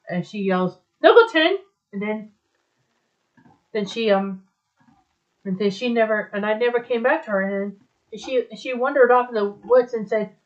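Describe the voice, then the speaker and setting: A woman retelling a story aloud in a rambling, halting way, with many restarts. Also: on the high side. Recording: dull lo-fi recording.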